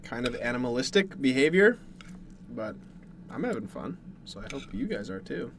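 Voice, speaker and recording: A young man from Canada streaming from a dark bedroom, chatting casually with viewers in a rambling way while working through a plate of food. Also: mid-range voice, big pitch swings, normal speed, slight background noise.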